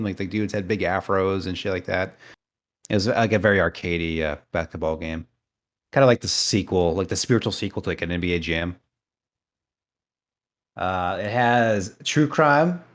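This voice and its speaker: Low-voiced laid-back young man. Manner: laid-back, swears casually. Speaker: podcast co-host. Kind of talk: casual chat.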